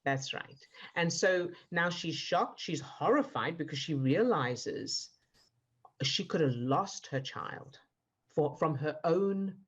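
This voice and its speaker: A woman coach guiding a participant through a live online session, calm and encouraging, explaining step by step. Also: low-pitched, slow pace, slightly rough, highs cut off. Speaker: emotional fitness coach.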